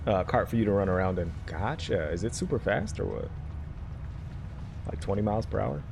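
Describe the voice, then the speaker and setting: A man's voice: fairly low pitch, expressive, fairly quick, vocal fry, background noise. A man streaming a video game, rambling and joking casually with his viewers. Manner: rambling, jokey, chats with viewers. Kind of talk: casual chat while playing a game.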